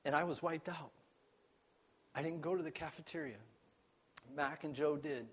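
A pastor delivering a sermon in a slightly higher-than-usual male voice. He tells his story with earnest feeling, climbing to loud emphasis and then dropping to a near hush. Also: measured pace, breathy edge. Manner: earnest, swings between loud and hushed.

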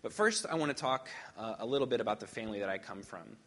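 A man preaching a sermon in a somewhat low voice. He reads scripture in a measured way, then shifts into relaxed, conversational preaching with frequent fillers. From rural Midwest farming family. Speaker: pastor.

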